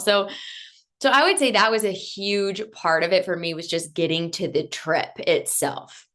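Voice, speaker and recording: A woman in her late thirties, talking as a guest in an interview. She tells her own story candidly and with lively energy, and she slips into acting out what she thought back then. Her voice sits at a middle pitch for a woman. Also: moderate pace. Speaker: podcast guest.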